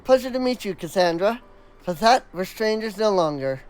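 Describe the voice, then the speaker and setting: A man's voice: high voice, lively intonation, normal speed, darkish tone, voice pushed up, poor audio. A man voicing an earnest young woman hunter from a remote village, polite and with a put-on accent.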